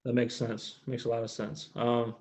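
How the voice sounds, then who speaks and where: A mid-pitched man from Indiana, a coach calling in to a podcast. He talks in a hesitant, searching way, restarting his sentences as he goes. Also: monotone, moderate pace, a little mellow. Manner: hesitant, full of restarts and hedges. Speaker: caller, basketball coach. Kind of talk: casual conversation.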